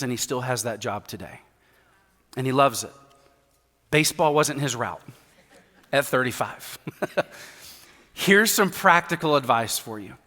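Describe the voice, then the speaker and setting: A man's voice: mid-range voice, sharp tone. A male pastor preaching a sermon, emphatic, repeating key points, with light humor. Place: church sanctuary. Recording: reverberant church hall.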